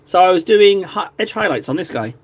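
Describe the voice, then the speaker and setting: Lively chatty man streaming. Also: high voice, a little fast, husky. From Cornwall, England. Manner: chatty, jokey, rambling. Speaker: live-stream miniature painter. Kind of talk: casual live-stream chat.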